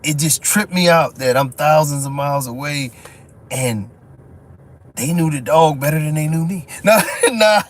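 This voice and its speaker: A man, telling a story in casual live-stream chat, profane and quick to laugh. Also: a little high. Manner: loose, profane, laughs often, lots of "you know what I'm saying". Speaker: dog show judge and breeder telling stories.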